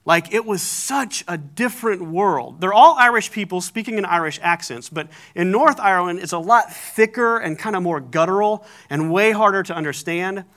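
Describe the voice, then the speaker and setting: Bright-voiced American man preaching. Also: sits high, moderate pace, few pauses. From United States. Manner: conversational, self-correcting, lightly humorous. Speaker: pastor. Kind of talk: sermon.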